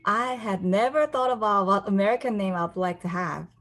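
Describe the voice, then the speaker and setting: A woman from South Korea reads from her own graphic memoir, breaking off now and then to explain things in a relaxed way. Korean is her first language, and she lifts her pitch to voice the people in the story. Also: moderate pace, hardly any pauses. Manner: voices the characters with a raised pitch. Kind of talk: book reading with asides.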